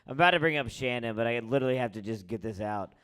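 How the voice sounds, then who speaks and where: A man hosting a comedy show, teasing the crowd in loud, profane stand-up crowd work on a club stage. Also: medium pitch, lively intonation, rapid-fire, clear, resonant tone.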